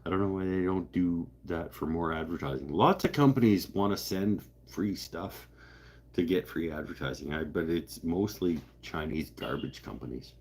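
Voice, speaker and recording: A man's voice: deep voice, moderate pace, breathy edge. A man hosting a live stream, chatting casually and joking as he rambles through viewer comments. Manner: rambling, joking, self-interrupting. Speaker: livestream host.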